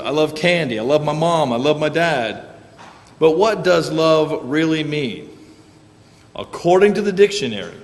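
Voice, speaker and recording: Man preaching in an echoey church. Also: a little high. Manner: folksy storytelling, joking asides. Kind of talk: conversational sermon. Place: church sanctuary.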